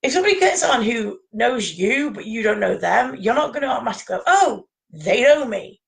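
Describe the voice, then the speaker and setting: A woman's voice: on the high side, lively intonation, fast, creaky, low-quality recording. A woman telling rambling anecdotes in casual chat, laughing often.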